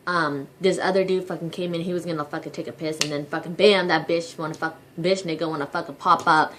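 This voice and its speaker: A young woman vlogger rants to camera with a lowish voice, cursing in almost every phrase and padding her sentences with fillers. She sounds exasperated and fed up throughout, and a faint hum sits under the recording. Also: steady tone, fast. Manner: profane, exasperated, heavy use of filler words. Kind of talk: casual rant to camera.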